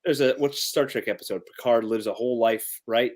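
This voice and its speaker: A man's voice: medium pitch, fairly quick. A man chatting on a panel, hesitant and apologetic, often self-deprecating. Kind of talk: casual panel chat.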